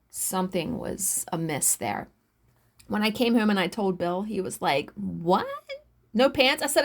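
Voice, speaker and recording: A woman in her forties telling a story casually while stitching, animated, swearing freely and acting out what others said. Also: medium pitch. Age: 40s. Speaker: cross-stitch vlogger.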